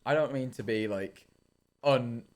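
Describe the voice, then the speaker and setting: A young British man livestreams while gaming, chatting casually, rambling and ranting with self-deprecating humour. His voice is medium-pitched and unhurried, with soft background music.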